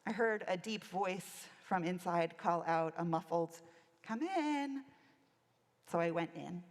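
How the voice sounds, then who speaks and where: A woman's voice: fairly low pitch, fairly even intonation, normal speed. A woman minister giving a reflective sermon, telling a story from her chaplaincy work. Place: church sanctuary. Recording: long church reverb.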